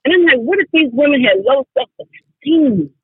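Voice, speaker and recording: A woman calling in to a talk show, talking with animated emphasis and often cutting in. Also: sits high, moderate pace, crowd noise. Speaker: caller. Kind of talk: call-in show chat. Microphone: phone. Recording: tinny phone line.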